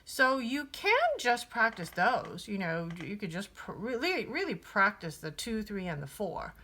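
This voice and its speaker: A woman's voice: medium pitch, big pitch swings, unhurried, pushed and bright. A woman giving a casual piano lesson, thinking aloud with many fillers and restarts. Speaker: piano teacher.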